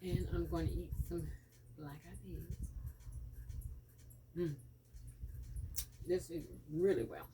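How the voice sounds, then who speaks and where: A chatty woman hosts her lunchtime vlog from home and tells stories between bites. Her voice sits slightly low, and she gets animated when she quotes other people. Faint household noise runs behind her through the camera mic. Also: takes it slowly, pauses often. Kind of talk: casual eating vlog chat.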